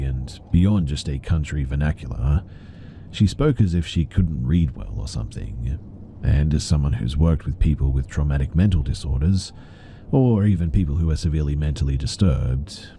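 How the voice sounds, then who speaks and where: A man narrating a first-person horror story in a calm, measured reading. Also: a bass voice, a little hiss or hum.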